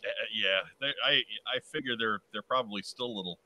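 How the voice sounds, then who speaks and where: Man with a sharp, tense voice. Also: fairly low pitch, a little fast, low-quality recording. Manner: hesitant, dry quips. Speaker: podcast co-host. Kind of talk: casual chat.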